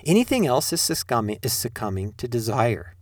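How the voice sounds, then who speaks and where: Middle-aged male preacher, animated delivery, rhetorical questions, dry close sound. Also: mid-range voice, a little fast, no echo. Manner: rhetorical questions, addresses listeners directly. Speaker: spiritual teacher. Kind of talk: sermon-style talk.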